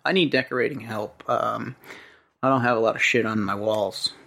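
A man's voice: on the low side, moderate pace, vocal fry, sharp tone. A man co-hosting a casual comedy podcast, laid-back, riffing along and laughing. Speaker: podcast co-host.

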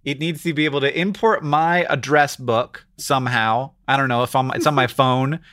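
A man co-hosting a podcast in casual chat, explaining ideas in a rambling, excitable way full of fillers. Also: mid-range voice, normal speed, no room sound, clean studio sound. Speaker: podcast co-host.

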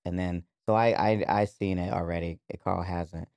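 A man's voice: deep voice, steady tone, normal speed, creaky, darkish tone, smooth, dry recording. A man co-hosting a podcast in casual chat, with loose slangy talk and frequent laughs. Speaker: podcast co-host.

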